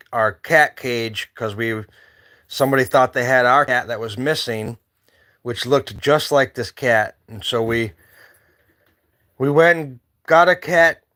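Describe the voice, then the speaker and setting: A man's voice: medium pitch, a bit bright, smooth, dry recording, studio quality. A middle-aged man telling a story casually to the camera and cooing at his pets. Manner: baby talk to pets, storytelling. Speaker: vlogger.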